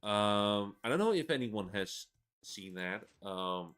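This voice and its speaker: Twenties male gamer, lowish voice, loose sweary ranting commentary. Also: expressive, takes it slowly, fairly bright tone, clear, resonant tone. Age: 20s. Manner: rambling, swearing, laughing ranting. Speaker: gaming video creator. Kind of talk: casual gameplay commentary.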